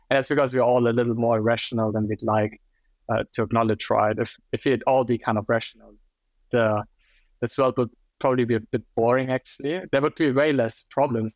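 A young man with a German accent, talking as a podcast guest. He rambles a little, circling his points with fillers and hedges. His voice sits at an ordinary pitch and sounds close and dry. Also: dry recording. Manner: loose, hedging, many fillers. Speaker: guest expert. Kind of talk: casual interview answers.

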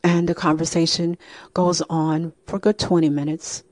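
A woman narrates a family story in a measured way, her voice low and mellow. The recording is dry and close. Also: level tone, no room sound. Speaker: host. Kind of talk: telling a true story.

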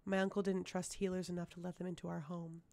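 A woman voicing a timid young servant girl who speaks meekly and softly, faltering at times, in an audiobook reading. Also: fairly low pitch, level tone, fast talker, vocal fry. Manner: meek, soft, faltering.

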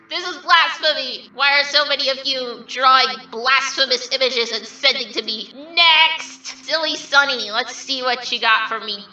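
A woman's voice: fairly high pitch, sharp tone, reverberant, far from the mic, exaggerated voice, low-quality recording. A woman voicing a vain, mischievous male triangle dream demon who reacts to fan art in a smug, theatrical, mock-offended way. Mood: outraged.

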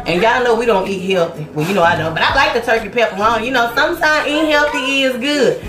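A sassy woman talks through a grocery haul in an echoey kitchen, her voice sitting a little high. She teases and scolds her kids while listing prices. Music plays underneath throughout. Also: fast talker. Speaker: family vlogger. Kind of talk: casual grocery haul vlog. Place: home kitchen with children around.

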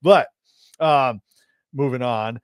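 A young man co-hosting a podcast tells a casual, rambling story. His voice sits at a middle pitch. The sound is dry and close, with no room around it. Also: takes it slowly, clear, resonant tone, no room sound. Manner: rambling, animated, exasperated asides. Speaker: podcast co-host.

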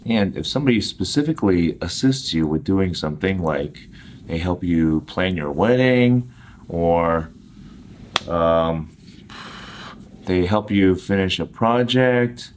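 American guy teaching english phrases, really low voice, slow careful delivery, acts out the examples, faint room hum behind. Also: animated. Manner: clear, deliberate, acts out example lines.

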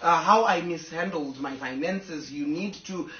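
A woman's voice: sits low, a little slow, fairly bright tone, echoey room, far from the mic, muffled recording, a little hiss or hum. A woman speaking to her fans in a casual, emotional and rambling live video from home, stopping now and then to tell her dogs to sit down. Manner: talks to fans, stops to scold her dogs. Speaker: social media personality. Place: home with a fireplace.

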